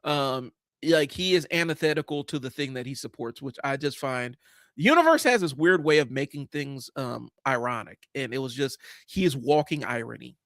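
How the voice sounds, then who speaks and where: A livestream host in his forties talks comics casually and bluntly, swearing occasionally and rambling through many fillers and restarts. His medium-pitched voice is expressive and a bit bright, at a moderate pace, with no echo.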